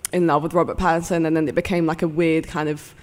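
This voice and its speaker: A woman's voice: low-pitched, flat delivery, quick pace, darkish tone, in a large hall. A young woman with a London accent, a guest on a live podcast, chatty and giggly, full of fillers. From England.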